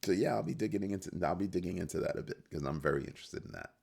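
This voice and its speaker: A man's voice: sits low, rapid-fire, vocal fry, darkish tone, husky. A man hosting a crypto news show in casual solo commentary, firing rhetorical questions and restarting his phrases. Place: home studio at a computer.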